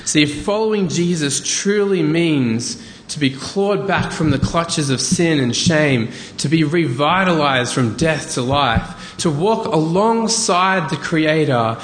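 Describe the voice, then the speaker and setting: A male pastor giving a conversational, animated sermon with asides. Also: a little high, takes it slowly, few pauses, slight background noise. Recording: echoey hall, faint ambience.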